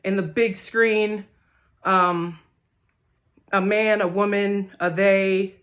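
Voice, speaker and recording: A woman singer-songwriter talking casually to the camera, soft-spoken and rambling, with many hesitant fillers. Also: medium pitch, fairly even intonation, takes it slowly.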